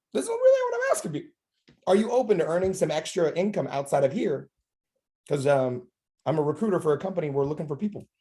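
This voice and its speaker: An animated man in his thirties leads a live training session, his voice sitting a little high. He tells stories by acting out every line of dialogue and hammers home key phrases by repeating them. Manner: energetic storytelling, acts out dialogue, repeats phrases for emphasis. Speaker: network marketing trainer. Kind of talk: live motivational training talk.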